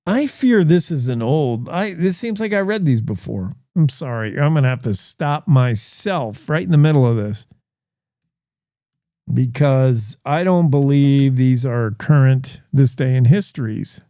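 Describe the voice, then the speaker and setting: Slow-talking male radio host, dry studio. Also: mid-range voice, expressive, dark tone, dry recording. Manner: slow, rambling, self-interrupting reads with asides. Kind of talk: casual news reading and chat.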